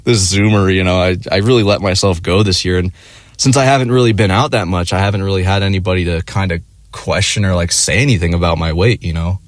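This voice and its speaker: A man's voice: low-pitched, steady tone, quick pace, dry recording. A man telling a rambling personal story in casual, profane language, laughing along as he goes. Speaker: vlogger.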